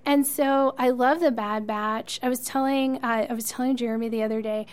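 A woman's voice: a little high, fairly even intonation, normal speed, clean tone. A woman co-hosting a podcast, chatting enthusiastically as a fan and laughing often. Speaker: podcast co-host. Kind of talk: casual chat.

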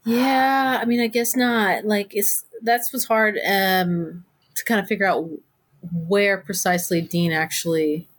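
A woman's voice: mid-range voice, fairly even intonation, unhurried, dry recording. A woman co-hosting a casual chat, chatty and hedging, often laughing. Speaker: podcast co-host. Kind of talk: casual chat about fan fiction.

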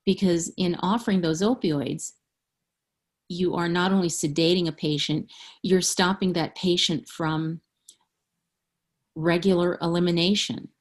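A woman's voice: on the low side, fairly even intonation, unhurried, long pauses. A middle-aged woman, an author being interviewed, speaking candidly and frankly and laughing often. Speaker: author guest. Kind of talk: interview conversation.

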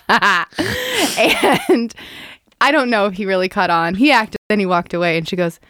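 A woman co-hosting a podcast who tells stories in a casual, animated way and laughs often. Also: mid-range voice, slow pace, pauses often, dry recording. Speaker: podcast co-host. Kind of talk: casual chat.

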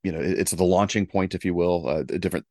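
A man with a low, deep voice leading a relaxed conversation about scripture and posing questions to his co-host. The sound is close and dry. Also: fast talker, no echo. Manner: relaxed, asks questions and guides the discussion. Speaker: podcast co-host. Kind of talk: conversational Bible discussion.

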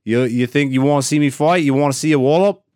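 Here a man puts on a swaggering mock-Australian fighter, all 'oi' and bluster. The voice comes through clear and smooth, with a close, dry sound and no room around it. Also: medium pitch, fast, darkish tone, no echo, natural voice. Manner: exaggerated 'oi' and 'crikey' put-on.

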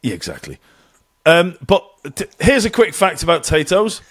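This podcast co-host, originally from England and living in Ireland, has a husky, fairly high voice at normal speed. He swears and stays animated throughout the casual chat, delivering mock rants and impersonating people he quotes.

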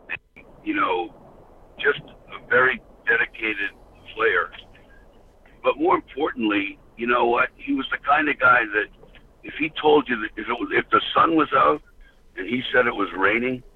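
An older American man and former hockey enforcer, telling rambling stories as a podcast guest, often saying "you know". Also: medium pitch. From United States. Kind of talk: casual storytelling. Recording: tinny phone line with faint hiss.

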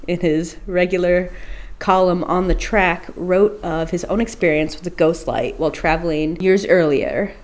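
A woman with a slightly low voice co-hosts a chatty podcast. She rambles through a spooky tale in a loose, casual way, swearing freely and laughing at her own stumbles. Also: a little mellow. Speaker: podcast co-host. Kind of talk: casual storytelling chat.

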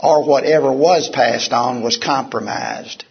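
A man's voice: mid-range voice, a little slow, gravelly, a little hiss or hum. A male physician giving a candid, conversational talk on addiction recovery to a live audience, recorded on dull, lo-fi tape. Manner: candid, conversational, acts out quotes. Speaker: physician speaker.

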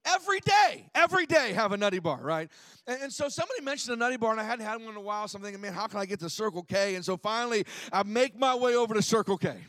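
High-voiced man preaching with humor. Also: rapid-fire, dry recording. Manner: humorous storytelling, animated, laughing. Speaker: pastor. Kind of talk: sermon.

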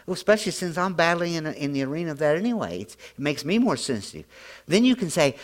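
A man's voice: fairly high pitch, animated, a little fast. A middle-aged man preaching a sermon as pastor, telling stories in a folksy way, often repeating and restarting his words.

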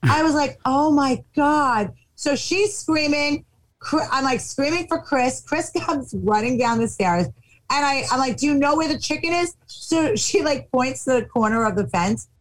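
A woman's voice: high-pitched, measured pace, poor audio. A woman telling a funny anecdote in casual chat, acting out the voices of the people in it. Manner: animated, acts out quotes.

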